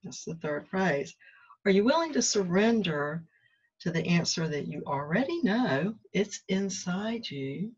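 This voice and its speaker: Lowish, husky, and animated yet unhurried, the woman's voice belongs to a spiritual self-help host. She reflects frankly and casually, teasing herself and dramatizing the conversations in her head. The clip is a muffled, lo-fi recording.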